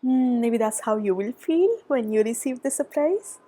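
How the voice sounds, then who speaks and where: A woman giving a tarot reading, gushing and excitable, often dropping to a soft whisper, a little out of breath. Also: on the high side, normal speed. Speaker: tarot reader. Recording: background noise.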